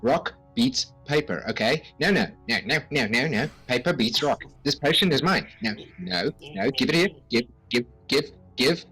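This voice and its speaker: A man's voice: medium pitch, expressive, sharp tone, breathy edge, faint music behind, poor audio. A man doing a whining, grabby adventurer. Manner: whining, wheedling, quick repetitions. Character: whining, grabby adventurer squabbling over loot.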